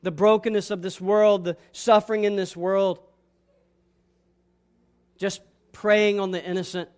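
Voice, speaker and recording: A man preaching a sermon, reading scripture and speaking with passion, often repeating words and dropping to hushed tones. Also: sits high, little pitch movement, measured pace. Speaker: pastor.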